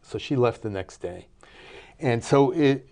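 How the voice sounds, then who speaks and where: An older man telling a family story in a relaxed interview, with many fillers and restarts. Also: medium pitch, a little slow. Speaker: interview guest, cinematography professor.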